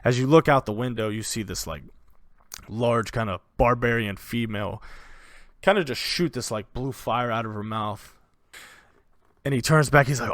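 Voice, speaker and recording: Man narrating as dungeon master, gravelly voice. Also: mid-range voice, fairly even intonation, a little fast, fairly bright tone, no echo, clean studio sound. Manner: loose, vivid narration with fillers. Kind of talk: narrating a tabletop game.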